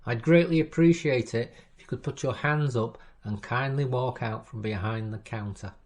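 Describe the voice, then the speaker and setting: A courteous Southern criminal speaks in a soft, impeccably polite drawl, as a man reading the story puts him on. The voice sits in an ordinary middle register, gentle rather than loud, and the courtesy never drops even at gunpoint. It comes across as a storybook reading. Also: mid-range voice, moderate pace, lightly acted. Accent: American Southern. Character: smooth-talking male Southern crook.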